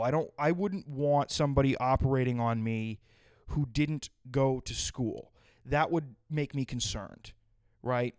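A man's voice: mid-range voice, clear, resonant tone, no echo, clean studio sound. A man hosting a podcast, talking in a blunt, provocative, rambling way in a casual monologue. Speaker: podcast host. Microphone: close podcast microphone.

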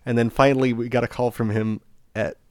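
A man co-hosting a casual chat, telling an animated story and acting out other people's lines with laughs. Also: mid-range voice, fairly quick, no echo, clean studio sound. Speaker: podcast co-host.

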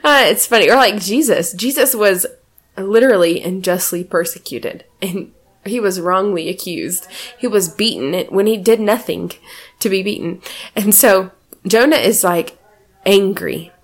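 A woman preaching a sermon in a lively way, with frequent laughs, acting out the quoted lines. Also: mid-range voice, measured pace.

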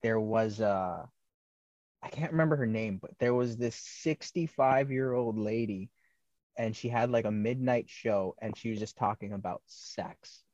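A Canadian man hosting a podcast, asking rambling questions in a relaxed, chuckling way. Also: lowish voice, unhurried, dry recording. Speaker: podcast host. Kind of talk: casual interview chat. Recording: dull, lo-fi and dry sound.

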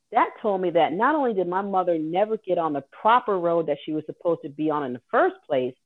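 A woman telling an earnest, vivid personal story as a guest host. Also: fairly low pitch. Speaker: guest host sharing her caregiving story. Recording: tinny phone-like audio.

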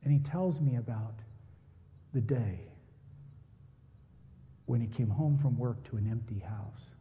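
A man's voice: mid-range voice, slow pace, lo-fi sound, slight background noise. A man preaching a sermon, telling a story and animatedly acting out the voices in it. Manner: animated storyteller who acts out quoted voices. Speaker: pastor. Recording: hall reverb.

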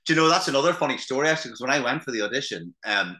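An Irish actor chatting as a podcast guest, telling anecdotes in a loose, swearing conversational way. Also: male voice, mid-range voice, expressive, very fast, pushed and bright. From Ireland. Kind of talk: casual podcast chat.

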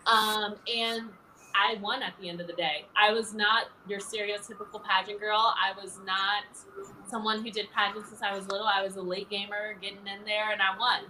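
A woman's voice: medium pitch, little pitch movement, moderate pace, pushed and bright, slight background noise, poor audio. A woman talking animatedly as an interview guest, laughing often as she tells her story. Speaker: interview guest, former pageant titleholder. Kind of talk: casual interview chat.

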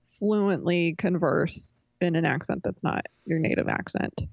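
A woman's voice: fairly low pitch, measured pace, gravelly, darkish tone, no echo, lo-fi sound. A woman co-hosting a casual podcast, chatty and opinionated, laughing often. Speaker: podcast co-host. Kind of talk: casual chat.

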